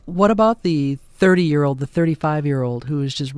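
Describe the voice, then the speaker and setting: Thoughtful radio host, somewhat high voice. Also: male voice, moderate pace, clear, resonant tone, no room sound. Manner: thoughtful, probing questions. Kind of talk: radio interview.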